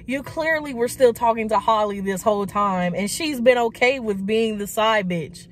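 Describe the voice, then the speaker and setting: A woman's voice: on the high side, moderate pace, a little hiss or hum. Woman, casual vlog storytelling, chatty, lots of likes. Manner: chatty, many likes and quoted asides. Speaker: vlogger.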